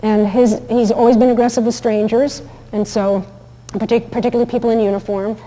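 A woman's voice: a little high, flat delivery, brisk, mellow, in a large hall, rough recording. A woman teaching about dog behavior in a chatty, anecdotal lecture, with many fillers and restarts. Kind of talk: recorded lecture with video clips.

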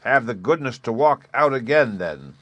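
A greedy, bullying brother, as a man puts him on, loud and raised in pitch. He snaps out orders and scolds harshly. A storybook villain read in a dry room. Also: sing-song, normal speed, dry recording.

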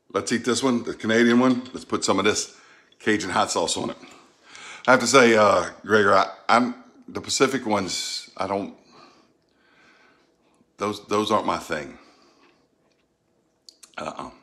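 A man's voice: lowish voice, a little slow, long pauses. A middle-aged man from the Gulf South with a Southern accent, chatting folksily as he tastes food in a casual home cooking vlog. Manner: chatty, folksy, thinks out loud while tasting. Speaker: cooking vlogger.

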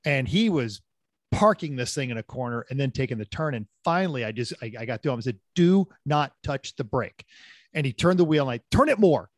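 A man's voice: mid-range voice, fast talker, dry recording. Chatty man with a dry close sound. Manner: rambling storyteller, restarts, animated quotes. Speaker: podcast co-host. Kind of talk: casual podcast chat.

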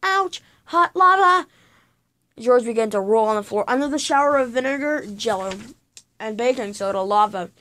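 A woman's voice: on the high side, fairly quick. A woman reading a children's chapter book aloud, telling it with drama and sound effects.

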